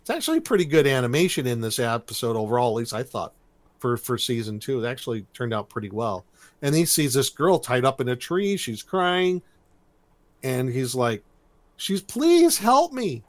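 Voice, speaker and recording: A man co-hosting a podcast, recapping a cartoon episode in rambling, animated casual chat. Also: medium pitch, moderate pace, no echo. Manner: rambling, animated storytelling with laughs. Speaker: podcast co-host.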